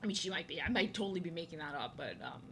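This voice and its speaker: A woman's voice: sits low, animated, racing, gravelly, a bit bright, slight background noise. A young woman chatting casually with her viewers while she draws on a stream, rambling from thought to thought. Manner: rambling, chatty, reacting to chat. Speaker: art streamer. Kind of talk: casual chat while drawing.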